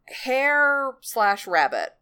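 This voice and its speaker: A woman's voice: sits high, very animated, very slow, sharp tone, clean tone. A woman in casual chat, retelling folk tales in a rambling, laid-back way.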